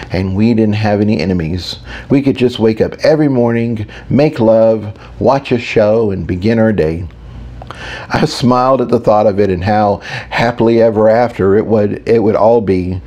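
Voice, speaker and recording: A man's voice: fairly low pitch, warm tone. A man narrating a first-person audiobook in an intimate, reflective storytelling manner.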